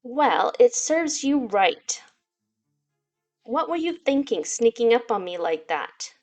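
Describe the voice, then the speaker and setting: A woman voicing a feisty, quick-tempered young woman heroine while reading a game aloud, with sharp, scolding lines. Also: a little high, sing-song, soft background music, exaggerated voice.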